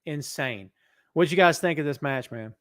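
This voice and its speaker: Guy hosting a wrestling stream, kinda high voice, jokey and animated, podcast mic in his office. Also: moderate pace. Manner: animated, joking, reads viewer comments aloud. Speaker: wrestling talk show host. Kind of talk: live-stream chat with viewers. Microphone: podcast microphone setup.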